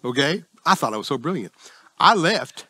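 A middle-aged man with a Southern US accent preaching a sermon in a folksy, self-deprecating, conversational way with sudden jumps in pitch. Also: big pitch swings, moderate pace, bright, forceful tone, slightly rough, dry recording. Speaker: pastor.

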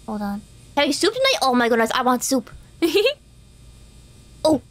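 A woman streaming a driving game, chatting to herself in an excitable, talkative way as she plays. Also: fairly high pitch, normal speed. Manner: chatty, excitable, talks to herself while playing. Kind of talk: live game commentary.

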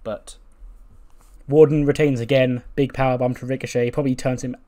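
This is a man talking casually through a wrestling management game run. His voice sits in an ordinary middle pitch, and he chats along, now and then slipping into quick voices for the wrestlers. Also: little pitch movement, dark tone. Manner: chatty, acts out characters' lines in quick voices and laughs. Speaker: gaming YouTuber. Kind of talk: casual commentary over a wrestling sim playthrough.

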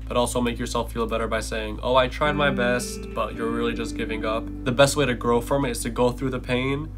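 Young man, vlogger, chatty and playful, mid pitch, casual commentary. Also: flat delivery, music in the background. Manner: playful, chatty, quick asides.

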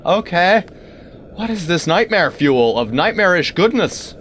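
A man doing let's-play commentary, talking to the game and bursting into exclamations. His voice sits a little high and swings widely, while he takes his time with the words. A faint hiss runs underneath. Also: a little slow. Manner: animated, talks to game objects, sudden exclamations. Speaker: gaming video creator.

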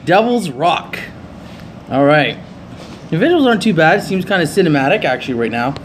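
A young man chats his way through a game, cracking jokes and reading lines aloud in a high voice that swings up and down a lot. He sounds animated throughout. A faint hiss sits under the recording. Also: fairly quick. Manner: joking, playfully reads game lines aloud. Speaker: gaming channel host. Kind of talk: casual gameplay commentary.

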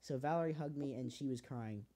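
Teenage guy, podcast host, rambling casual chat, heartfelt, lots of fillers, mellow dark voice. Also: medium pitch, fairly quick. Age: teens. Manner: rambling, heartfelt, swears freely with many fillers.

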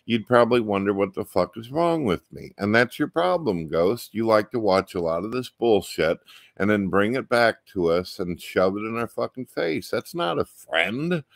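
A man's voice: on the low side, animated, moderate pace, gravelly, dry recording, studio quality. A man who is a guest in a casual chat, blunt and profane as he lectures his friend. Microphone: webcam mic on a live stream.

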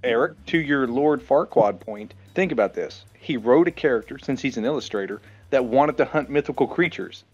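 A man co-hosting a laid-back movie podcast, telling the story with animated, profane energy. His audio sounds a little muffled and dull, with soft music playing faintly underneath. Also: medium pitch, moderate pace, hardly any pauses, breathy edge. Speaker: podcast co-host. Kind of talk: casual movie-review chat over beer.

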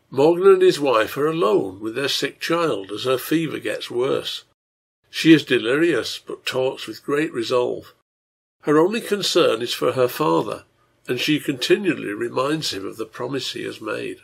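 Gravelly-voiced man reading a serial novel. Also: medium pitch, expressive, normal speed. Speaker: translator and narrator.

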